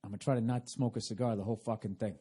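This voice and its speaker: A man's voice: fairly low pitch, steady tone, racing, slightly rough. Profane ranting middle-aged man. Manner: profane, ranting, swings between loud and quiet. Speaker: podcast host. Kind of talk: comedic podcast monologue.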